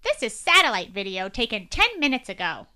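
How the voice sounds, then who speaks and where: A woman voicing a nasal-voiced male secret health agent who talks loudly and earnestly. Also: on the high side, big pitch swings, brisk.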